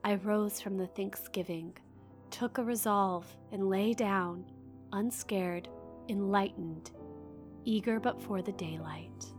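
Expressive woman reading aloud. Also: mid-range voice, slow, soft background music. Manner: dramatic reader, voices quoted cries and drops to hushed asides. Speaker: podcast co-host. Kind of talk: expressive reading of a novel passage, then casual chat.

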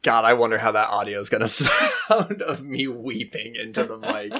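A woman narrating as game master of a tabletop game, in a relaxed way with fillers and hedges. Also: a bass voice, normal speed.

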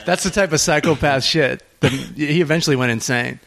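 A man in a loose podcast chat, telling old stories and tossing in quick "right, right" replies. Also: fairly high pitch, gravelly. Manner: relaxed, chatty, drops in quick affirmations. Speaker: podcast co-host. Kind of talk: casual storytelling.

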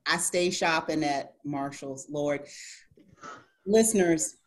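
A woman co-hosting a podcast, chatting casually in a lively, playful way. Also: sits low, takes it slowly. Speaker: podcast co-host. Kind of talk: casual chat.

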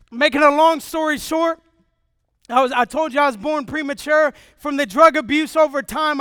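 High-voiced impassioned man preaching. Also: dry recording, studio quality. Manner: impassioned, swings from shouting to hushed. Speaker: preacher giving testimony. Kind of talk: sermon testimony.

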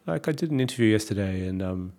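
A man's voice: on the low side, lively intonation, quick pace, dark tone. A middle-aged Australian man with an Australian accent, talking thoughtfully as an interview guest, with frequent restarts. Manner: thoughtful, many restarts and fillers. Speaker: conductor and author guest. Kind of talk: reflective interview talk.

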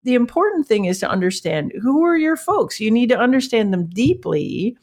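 A woman in a marketing role tells a work story, her voice sitting a bit high and swooping freely up and down. She laughs often while she talks, keeping the telling animated and anecdotal. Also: normal speed. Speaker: marketing leader.

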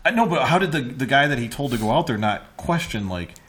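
A man's voice: mid-range voice, animated, quick pace, a loud crowd. A man co-hosting a casual movie podcast, asking questions and cracking jokes. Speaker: podcast co-host.

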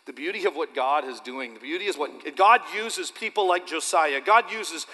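A man preaching a sermon to his church, animated and repetitive, addressing the audience directly. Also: a little high, normal speed, big-room sound. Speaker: pastor.

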